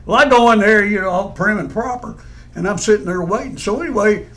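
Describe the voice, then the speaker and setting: A man's voice: high-pitched, brisk, fairly bright tone. A man telling funny stories in casual chat, laughing through his punchlines. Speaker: radio personality guest.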